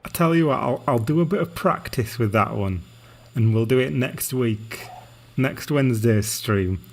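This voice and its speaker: A man streaming a game live, chatting casually and narrating what he does in a relaxed way. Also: medium pitch, unhurried, gravelly, a little hiss or hum. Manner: relaxed, narrating his gameplay.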